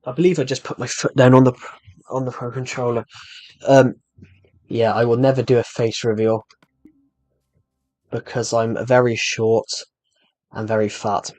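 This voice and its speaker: A man's voice: medium pitch, flat delivery, normal speed, long pauses, darkish tone, no echo. Rambling young British gaming streamer, man. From Britain. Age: young adult. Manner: rambling, self-deprecating, many restarts. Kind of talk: casual gameplay commentary with live chat. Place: room at home.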